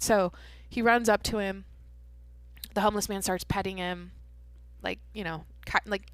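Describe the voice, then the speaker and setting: A woman's voice: medium pitch, fairly quick, a bit bright, clean tone, dry recording. A young adult woman hosting a podcast, telling a story in rambling casual chat, swearing freely with many fillers and restarts. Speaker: podcast host.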